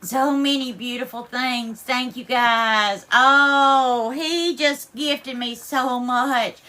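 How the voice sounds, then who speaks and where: A woman chats on a live stream from her home kitchen, voice high and lifted above most women's. Her tone is bright and ringing, and she is teary and on the edge of crying while she cooks. She thanks viewers one by one and calls them darling. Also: fairly even intonation, slow. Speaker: livestream host. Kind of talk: casual live-stream chat while cooking.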